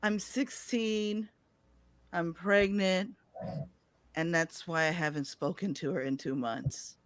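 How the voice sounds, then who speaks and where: A woman storyteller telling a personal story live, in an animated, conversational way that speaks straight to the audience. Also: on the low side, takes it slowly, no room sound.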